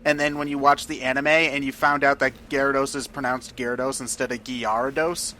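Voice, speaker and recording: A man's voice: mid-range voice, fairly even intonation, a little fast, sharp tone, slight background noise. A man co-commentating a game playthrough in casual chat, chatty and often giggling. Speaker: let's play co-commentator.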